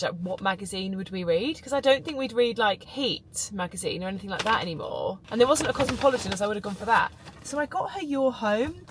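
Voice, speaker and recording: Brief: young woman, rambling vlog chat, higher voice, faint noise behind. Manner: chatty, rambling, lots of fillers. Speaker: vlogger.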